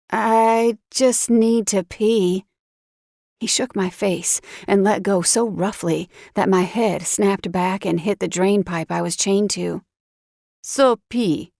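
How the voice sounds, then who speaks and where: A woman narrating a first-person romance audiobook in an unhurried, dramatic storytelling voice. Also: fairly low pitch, gravelly, a little mellow, no echo, studio quality.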